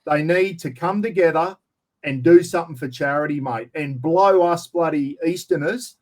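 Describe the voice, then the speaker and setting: A man's voice: on the high side, moderate pace. Blunt Australian man, matey and slangy. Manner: blunt, matey, slangy, keeps saying mate. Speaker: interview guest, camping YouTuber. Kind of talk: casual interview chat. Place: at home, outdoors property.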